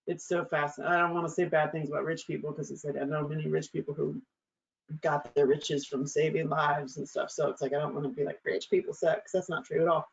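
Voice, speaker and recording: A woman's voice: deep voice, level tone, quick pace, vocal fry. A middle-aged woman hosts her own show and tells a story in a loose, candid monologue. She swears freely, laughs often and acts out what people said. The recording sounds a bit dull and lo-fi. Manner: frank and profane, laughing often, acting out quotes. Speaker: show host.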